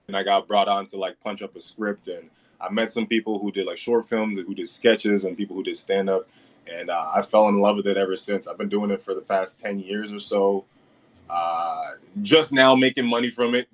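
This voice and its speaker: A man in his thirties talks as a comedian guest, easygoing and self-deprecating, chuckling through his stories. His voice sits a little low. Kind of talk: casual storytelling.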